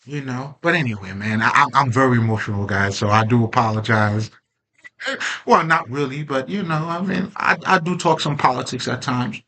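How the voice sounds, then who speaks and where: Emphatic, bright-voiced man venting. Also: mid-range voice, normal speed. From Haitian background. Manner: emphatic, swearing, rhetorical questions. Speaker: self-growth vlogger. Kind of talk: casual spoken monologue.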